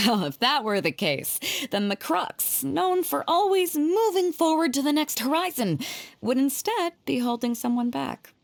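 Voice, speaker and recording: Beidou, a bold pirate captain. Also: female voice, unhurried, gravelly, full character voice. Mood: commanding. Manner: commanding, low and steady. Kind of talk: video game voice acting.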